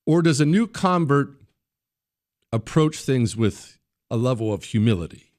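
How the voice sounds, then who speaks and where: A man's voice: medium pitch, animated, a little slow, dry recording, clean studio sound. A man hosting a political talk radio show, speaking bluntly and combatively in a monologue. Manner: blunt, combative, mocks people in put-on voices; turns quiet and subdued when talking about the fallen.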